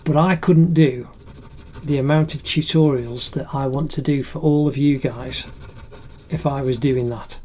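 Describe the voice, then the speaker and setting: A man's voice: medium pitch, fairly even intonation, unhurried, mellow. Chatty, encouraging middle-aged man. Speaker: art teacher. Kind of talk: narrated drawing tutorial.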